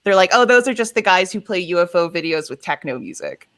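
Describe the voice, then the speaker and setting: A woman's voice: lowish voice, big pitch swings, fast talker, fairly bright tone, dry recording. Female guest, conversational and loose, dry and close. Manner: chatty, lots of likes and ums. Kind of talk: casual chat.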